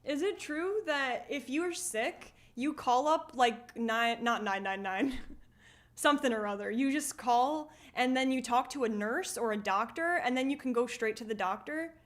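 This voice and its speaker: A woman's voice: sits high, a little slow. A woman streaming live, chatting casually as she reacts to a video and reads viewer comments, often laughing and asking questions.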